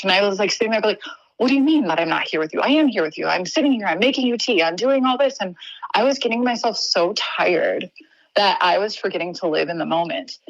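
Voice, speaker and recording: A young adult woman from Wisconsin, a podcast guest telling a personal story in an earnest, halting way with many restarts. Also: lowish voice, a bit bright, no room sound, rough recording.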